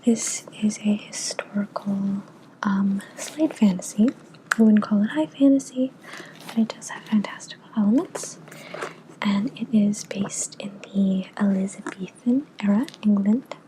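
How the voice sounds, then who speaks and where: A young woman giving a whispered ASMR book review in a soft, unvoiced whisper, gentle and unhurried with little filler pauses. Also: mid-range voice, a little hiss or hum, low-quality recording. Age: young adult.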